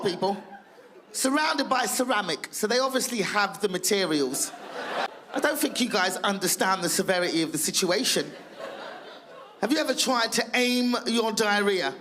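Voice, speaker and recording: Woman doing standup, loud brash and sweary, bright sharp voice, acts out bits. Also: fairly low pitch, animated, moderate pace. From England. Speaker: stand-up comedian. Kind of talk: stand-up comedy.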